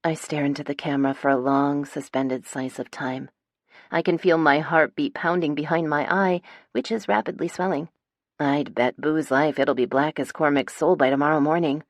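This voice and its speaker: A woman's voice: low-pitched, moderate pace, dry recording. A woman narrating a first-person romance audiobook in a wry, dramatic storytelling manner, on a close studio mic.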